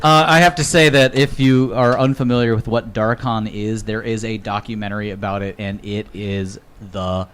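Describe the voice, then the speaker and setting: A man's voice: lowish voice, steady tone, normal speed, few pauses, a bit bright, clear, resonant tone. A man hosting a live comedy podcast, joking and jumping in on the others. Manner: jokey, eager, jumping in on others. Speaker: podcast host. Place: live venue stage.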